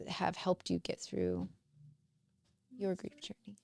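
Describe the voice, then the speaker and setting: A middle-aged woman co-hosting a podcast, speaking in a measured way, affirming others and guiding the talk with questions. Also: fairly low pitch, flat delivery, vocal fry, a little mellow, no echo. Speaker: podcast co-host. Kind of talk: casual heartfelt conversation.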